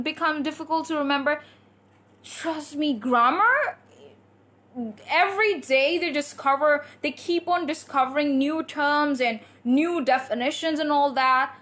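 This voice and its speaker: A woman teaching English on a live stream, chatty, reading out viewer comments and drilling tongue twisters slowly. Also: high-pitched, a bit bright.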